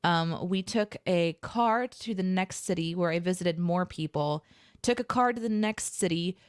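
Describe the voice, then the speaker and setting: A woman's voice: on the low side, moderate pace, smooth, no echo, studio quality. A woman co-hosting a live stream, chatting in a rambling, easygoing way. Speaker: co-host. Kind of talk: casual live-stream chat.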